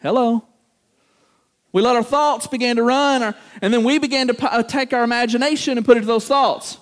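A man's voice: extremely high pitch, a little fast. A man preaching a sermon to a congregation, acting out everyday voices and asking the room questions. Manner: animated, acts out quoted voices, talks to congregation.

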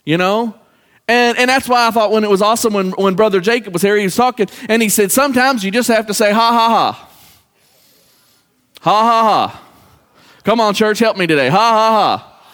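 A man preaching a sermon to his congregation, halting and repeating words as he calls out to the church. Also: high voice, a bit bright. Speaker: pastor. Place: church sanctuary. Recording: church hall with long reverb.

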